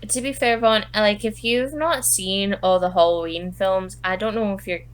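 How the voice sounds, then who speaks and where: A woman's voice: medium pitch, normal speed. A young woman co-hosting a casual film review podcast, trading dry, teasing banter. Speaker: podcast co-host.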